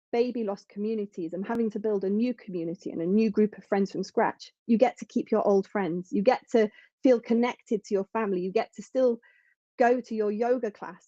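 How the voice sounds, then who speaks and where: As a guest on a podcast, a woman reflects earnestly in conversational interview style, frequently starting her sentences over. She speaks at medium pitch with a warm tone, and the lo-fi recording has no room sound.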